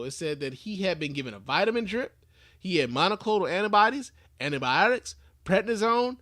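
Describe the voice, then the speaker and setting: Male podcast host, loose and animated, restarts often, higher-pitched, dry mic. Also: no room sound. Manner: animated, swears casually, many restarts and fillers. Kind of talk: casual podcast commentary.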